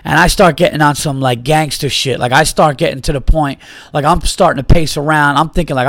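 Man, podcast host, animated storyteller, somewhat high voice, dry close sound. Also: a little fast, no room sound. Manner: animated retelling, acts out quotes, swears freely. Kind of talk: casual storytelling.

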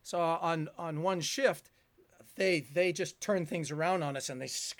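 Older guy as a rambling, chuckling guest storyteller; slightly high voice, dry close sound. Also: a little slow, no echo. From Canada. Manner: rambling, chuckling, full of fillers. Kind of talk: storytelling in a conversation.

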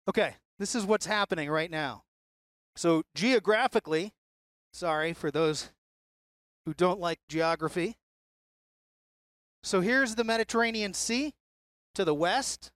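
A Bible teacher talks a class through a passage in an easy, conversational way. The voice sits at a middle pitch and keeps pulling listeners in with rhetorical questions. The recording is dry, with little room sound. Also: no echo.

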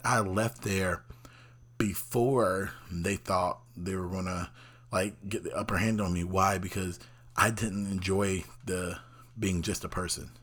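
Low-voiced man musing casually. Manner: conversational, rambling, acts out quotes. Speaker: host. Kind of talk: casual motivational talk.

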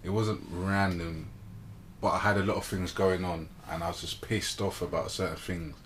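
A man hosting a casual podcast book discussion, talking in a relaxed, reflective way. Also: low-pitched, moderate pace, a little hiss or hum.

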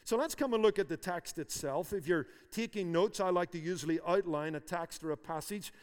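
Male pastor, high-pitched, emphatic sermon delivery, long reverb. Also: brisk, clean tone. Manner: emphatic, repeats phrases for force.

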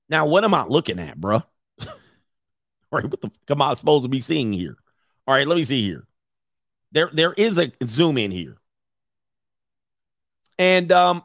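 A man giving casual, blunt reaction commentary, reading online messages aloud slowly and then weighing in on them. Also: mid-range voice, fairly bright tone, no room sound, studio quality.

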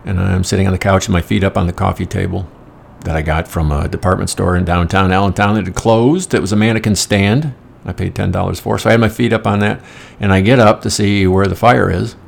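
Brief: middle-aged man, very low gravelly voice, rambling wry storyteller. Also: fairly even intonation, fairly quick, a little hiss or hum. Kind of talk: casual anecdotal monologue.

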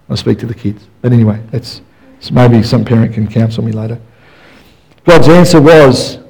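A man's voice: mid-range voice, expressive, normal speed, creaky, darkish tone, breathy edge, rough recording. A man preaching a sermon in a casual, joking storyteller's way, full of "you know" asides. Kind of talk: conversational sermon.

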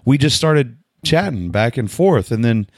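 A man's voice: mid-range voice, measured pace, no room sound, studio quality. A man, chatting casually and adding his side to a shared story. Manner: relaxed, adds his side to his partner's story. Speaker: co-host telling their wedding story. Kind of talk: casual chat.

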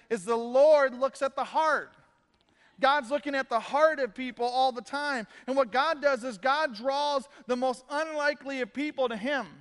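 A pastor with a strikingly high voice preaches in a casual, joking manner. He keeps slipping in quick quoted asides. His words ring out with a long hall echo. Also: fairly bright tone. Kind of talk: casual sermon. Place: church sanctuary.

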